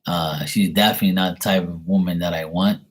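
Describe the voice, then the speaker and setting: A young man hosting a live stream, reading angel cards and chatting with viewers in a relaxed, rambling way. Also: low-pitched, fast. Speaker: livestream host doing card readings.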